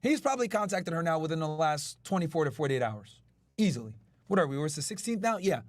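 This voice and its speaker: A man's voice: on the high side, lively intonation, fast talker, no room sound. A male podcast host in casual chat with his live chat, brash and profane. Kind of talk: casual chat reacting to news.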